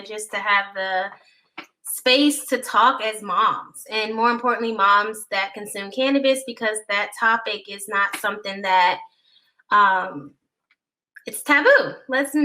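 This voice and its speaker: Bright, upbeat woman hosting a video panel. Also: fairly high pitch, poor audio. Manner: chatty, upbeat, many fillers. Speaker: panel host, nonprofit executive director. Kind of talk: casual panel chat on a video call. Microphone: video call.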